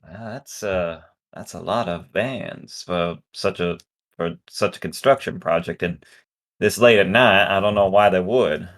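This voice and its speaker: A man's voice: deep voice, unhurried, a bit bright. A man playing a tabletop game, chatting casually and joking. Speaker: player.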